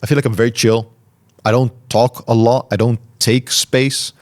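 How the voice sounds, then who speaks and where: A man hosting a podcast, answering listener questions in a calm, reflective way and articulating each word carefully. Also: mid-range voice, normal speed. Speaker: podcast host. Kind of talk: solo Q&A talk.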